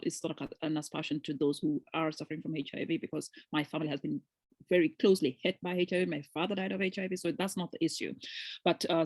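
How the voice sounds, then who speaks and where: A woman in her thirties tells a personal story straight to camera, with a husky, breathy edge to her voice. She is an animated storyteller who slips into the voices of the people she quotes. The recording is dry and close. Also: lowish voice, no echo. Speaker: relationship coach.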